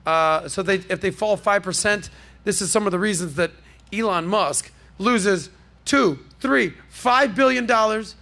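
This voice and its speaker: A man hosting a podcast, riffing on the news with animated, jokey asides to his crew. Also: sits high, a little slow, gravelly. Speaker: podcast host. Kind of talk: energetic news commentary.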